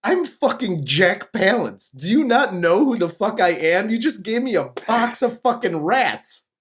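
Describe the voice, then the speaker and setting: Man mimicking an indignant aging film star, cursing, voice raised a bit higher, swearing rant. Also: big pitch swings, measured pace. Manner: profane, outraged rant. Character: indignant aging male movie star ranting on set.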